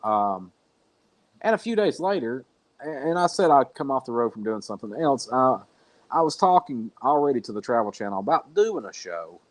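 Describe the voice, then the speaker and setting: Joining a podcast over a remote call, a man tells a long story in a casual interview, speaking bluntly with a rambling flow and the occasional swear word. His medium-pitched voice is sing-song, at normal speed with no echo.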